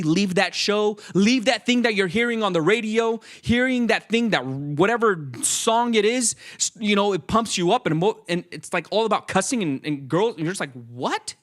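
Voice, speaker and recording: A young man giving a lively, casual sermon, acting out voices and joking with the listeners. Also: high-pitched. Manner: animated, acts out quoted voices, jokes with listeners. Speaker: youth speaker.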